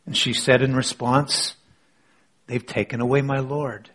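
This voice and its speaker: Male pastor, husky tone, sermon with hushed dramatic moments. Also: mid-range voice, steady tone, moderate pace. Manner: dramatic, drops to near whisper for emphasis. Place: church with online audience.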